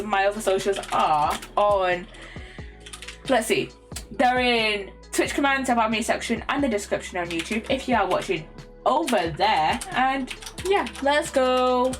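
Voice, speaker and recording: A woman's voice: on the high side, a bit bright. A young British woman streaming a game, chatting casually and rambling, often stumbling over her words and giggling. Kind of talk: casual chat while gaming. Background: faint lofi music.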